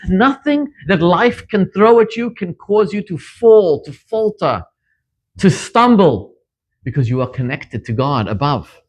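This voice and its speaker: Animated middle-aged rabbi telling stories. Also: male voice, moderate pace. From Zimbabwe. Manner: animated storyteller, pitch leaping up for emphasis. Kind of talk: sermon with storytelling. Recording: dull lo-fi recording.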